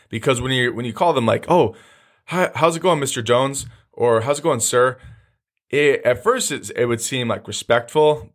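Young male podcast host, slightly low voice, blunt and crude, rambling delivery. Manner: blunt, profane, emphatic; loose, with many restarts. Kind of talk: casual monologue.

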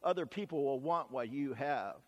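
A man's voice: medium pitch, expressive, moderate pace, big-room sound, lo-fi sound. A man preaching a sermon as pastor, talking in a conversational, folksy way with stories and asides.

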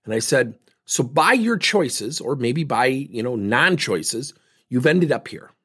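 A man's voice: medium pitch, sing-song, slow, fairly bright tone, husky. A man giving a talk, telling a story and acting out both sides of a conversation. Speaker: speaker on leadership and feedback.

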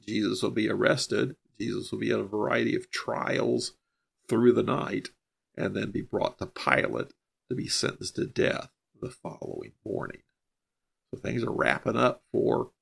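Gravelly low-voiced man teaching Bible verses. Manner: explains verses plainly, then stresses key points emphatically.

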